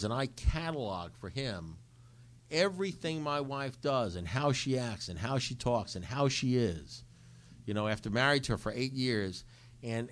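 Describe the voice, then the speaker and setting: A middle-aged man giving a recovery talk, telling his story with animated acted-out dialogue. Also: medium pitch. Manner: animated storytelling, acts out both sides of dialogue. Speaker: recovery speaker.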